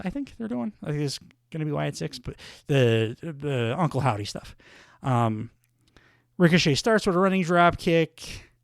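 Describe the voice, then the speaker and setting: A man's voice: mid-range voice, dry recording, clean studio sound. A man hosting a solo podcast in a casual recap style, rambling with lots of fillers and self-corrections. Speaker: podcast host.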